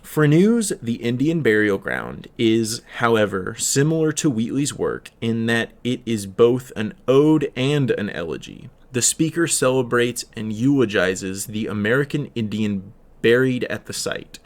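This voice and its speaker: A man's voice: medium pitch, very animated. A teenage boy reading poetry and study notes aloud, stumbling over words and correcting himself with frequent fillers. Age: teens. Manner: slow sing-song delivery on verse lines. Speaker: student reader.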